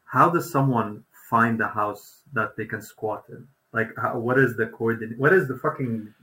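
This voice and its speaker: A man's voice: medium pitch, moderate pace, sharp tone, low-quality recording. A man hosting a podcast, jumping in with eager questions in casual chat. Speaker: podcast host.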